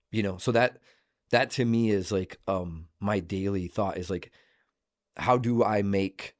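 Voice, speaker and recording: A man's voice: low-pitched, darkish tone, no echo, studio quality. A man in his forties from Idaho, a guest talking casually and earnestly, with lots of fillers and restarts. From Idaho, USA. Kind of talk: casual conversation.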